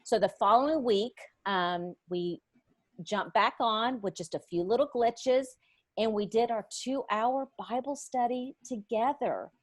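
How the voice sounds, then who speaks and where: Animated middle-aged woman telling a story. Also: a little high, a little slow, no echo. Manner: animated, acts out others' voices in her stories. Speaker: Bible study teacher, podcast guest. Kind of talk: storytelling in a conversation.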